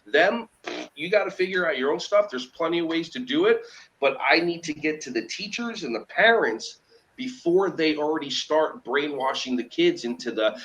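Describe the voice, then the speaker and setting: A man, a children's yoga teacher, talking as a guest in an animated conversational way, acting out quoted dialogue with emphasis. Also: fairly high pitch, normal speed, a little hiss or hum, low-quality recording.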